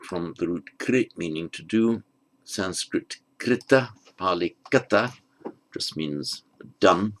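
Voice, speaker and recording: A man teaching the meaning of an old verse, patiently explaining each word after reciting it slowly. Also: low-pitched, low-quality recording. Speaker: Pali language teacher. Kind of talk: unhurried lesson on a verse.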